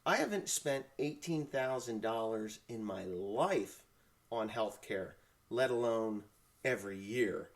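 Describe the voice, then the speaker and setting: A man's voice: on the low side, animated, takes it slowly. A man hosting a casual farm talk show, ranting bluntly and swearing as he gets fired up. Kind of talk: casual ranting live chat.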